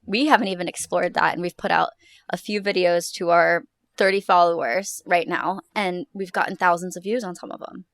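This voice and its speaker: Creaky-voiced young woman chatting on a podcast. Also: lowish voice, fairly even intonation, no room sound, clean studio sound. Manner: chatty, quick explanations with casual fillers. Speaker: podcast co-host. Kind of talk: casual podcast chat.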